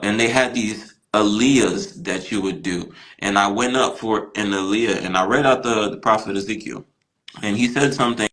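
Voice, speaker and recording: A man guest on a podcast telling his story casually, full of "you know" and "right," jumping his pitch up when he acts out what others said. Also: low-quality recording. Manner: animated, acts out quoted voices with big pitch jumps.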